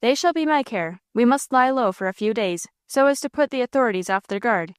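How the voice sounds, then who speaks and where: A woman's voice: a little high, expressive, brisk, clean tone, no echo, clean studio sound, close to an everyday voice. A woman voicing a bold, blustering male robber captain who gives orders to his gang. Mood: commanding. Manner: blustering, rousing, theatrical.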